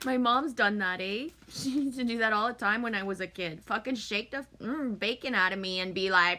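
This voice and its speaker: A woman's voice: fairly high pitch, moderate pace, pushed and bright. A woman chatting casually with viewers on her live stream, swearing often and sometimes calling herself "me".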